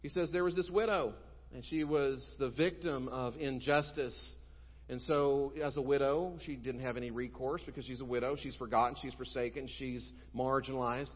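A male pastor preaching a sermon, telling stories emphatically and moving between loud and quiet. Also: medium pitch. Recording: dull sound with long hall reverb.

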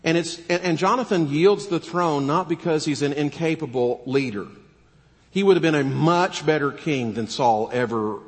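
A man's voice: fairly high pitch, normal speed. Man preaching a sermon in a reverberant hall. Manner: animated, rhetorical questions, acts out quoted voices.

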